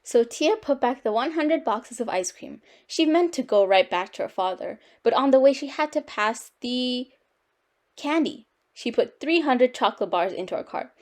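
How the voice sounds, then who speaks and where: A woman reading a picture book aloud to children at storytime, with lively, expressive storytelling. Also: fairly high pitch, moderate pace. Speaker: storytime reader.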